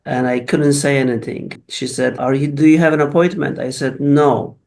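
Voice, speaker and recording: A man's voice: mid-range voice, fairly even intonation, moderate pace, gravelly, darkish tone. A middle-aged man with a Polish accent, a physical therapist telling his life story in an interview, often restarting and repeating words as he recalls events. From Poland.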